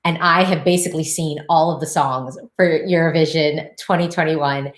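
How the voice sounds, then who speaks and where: A woman's voice: sits low, steady tone, normal speed. A woman host giving casual reaction commentary to camera, chatty, often repeating phrases and restarting. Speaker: Eurovision reaction vlogger. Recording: roomy echo.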